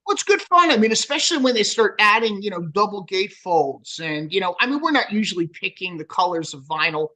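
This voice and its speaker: A man's voice: high voice, fairly quick, few pauses, rough recording. A man in his sixties with a New Jersey accent, a metal singer telling swearing-filled stories in a casual interview. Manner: profane, storytelling, animated.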